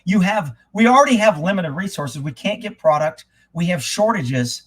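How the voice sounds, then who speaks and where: A high-pitched man hosting a live political talk stream. He rants with heat and curses freely, his voice rising to a shout when something gets to him. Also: lively intonation, moderate pace, breathy edge. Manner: fired-up, swearing, shouts when worked up. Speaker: livestream host.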